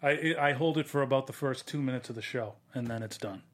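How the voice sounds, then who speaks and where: A man in a relaxed sports chat, talking loosely with plenty of fillers. His voice sits at an ordinary middle pitch. He slips into playful, higher voices to act out what others said. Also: a little fast. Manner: animated, acts out players' quotes in higher voices. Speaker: podcast co-host.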